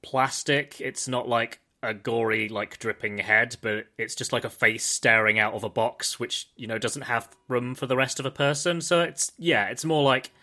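A man's voice: medium pitch, steady tone, normal speed, few pauses, pushed and bright. A man co-hosting a film podcast, dry and teasing, correcting details. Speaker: podcast co-host. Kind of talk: casual film review chat.

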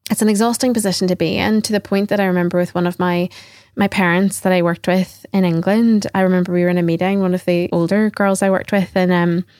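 A woman's voice: on the low side, steady tone, fast, a little mellow, dry recording, studio quality. A middle-aged woman, speaking earnestly and reflectively as a podcast guest, often quoting what people said to her. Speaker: podcast guest, trainer and former teacher. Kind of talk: conversational interview.

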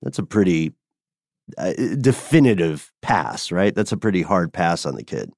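Guy co-hosting a podcast, real low voice, chatty and playful. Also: sing-song, moderate pace, gravelly, a little mellow, dry recording, studio quality. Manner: conversational storytelling, playful. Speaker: podcast co-host. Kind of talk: casual chat.

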